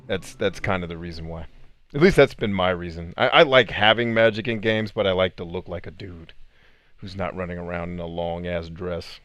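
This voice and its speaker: A man casually chatting with viewers on a live game stream, animated, laughing often and swearing freely. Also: sits low, moderate pace, no room sound, faint music behind. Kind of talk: casual live-stream chat while gaming.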